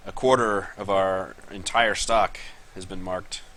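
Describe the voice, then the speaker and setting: A man's voice: low-pitched, steady tone, unhurried, sharp tone. Man doing a plain young ranch hand. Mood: matter-of-fact. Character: young male ranch hand, matter-of-fact.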